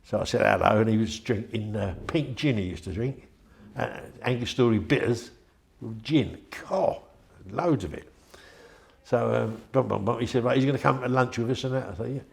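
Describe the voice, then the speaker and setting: Older man, gravelly storyteller. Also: medium pitch, normal speed, a little mellow. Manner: rambling, chatty, acts out quoted voices. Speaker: interviewee. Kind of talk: anecdotal storytelling.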